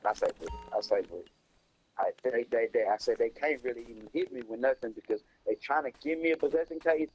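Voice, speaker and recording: Husky guy rambling thru a story, lots of cussing and slang, muffled lo-fi audio. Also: medium pitch, fairly quick, a little mellow. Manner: rambling, repeats himself, heavy slang and cursing. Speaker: storyteller streaming a game. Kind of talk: casual storytelling.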